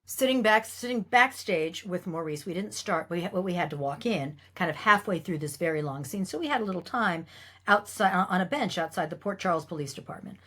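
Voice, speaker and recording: A middle-aged woman, an actress as guest, telling anecdotes in a lively way, acting out the lines she quotes and laughing often. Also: on the low side, brisk.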